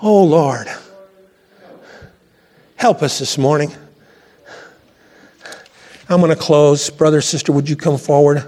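A pastor preaching a sermon to his church, fervent and swelling to high exclamations. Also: takes it slowly, long pauses, mellow. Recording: long reverb from a church hall.

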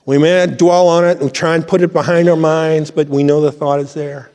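High-voiced fervent preacher man. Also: flat delivery, fairly quick, a little mellow. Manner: fervent, swelling to high exclamations. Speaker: pastor. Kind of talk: sermon. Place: church. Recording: long reverb from a church hall.

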